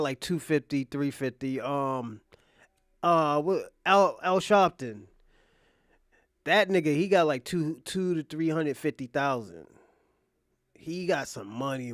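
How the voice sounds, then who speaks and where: A man's voice: fairly high pitch, no echo, studio quality. A man doing casual reaction commentary, laid-back and slangy, swearing freely. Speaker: reaction streamer.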